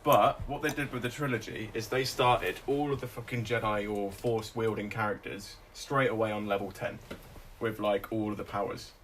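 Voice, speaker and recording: A man's voice: lowish voice, fairly even intonation, normal speed, fairly bright tone. A man co-hosting a podcast, chatting casually about films and now and then mimicking characters. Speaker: podcast co-host. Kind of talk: casual film discussion. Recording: distant mic with faint noise.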